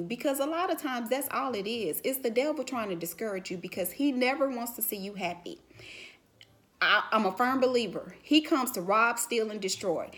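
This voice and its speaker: A middle-aged woman vlogger telling a personal story to camera in a casual, animated way, full of "you know" fillers and growing emotional. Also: fairly high pitch.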